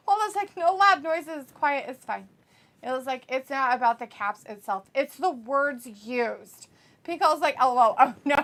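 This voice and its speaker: A woman's voice: high-pitched, a bit bright. A woman co-hosting a live watch-along, casually reading viewer comments aloud, laughing often and swearing freely. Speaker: co-host of a wrestling watch-along.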